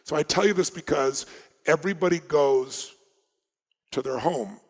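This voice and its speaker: An American man telling stories at a motivational seminar, emphatic and dramatic, swinging between loud and hushed delivery. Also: on the high side, measured pace. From United States. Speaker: motivational speaker. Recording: long reverb of a large hall.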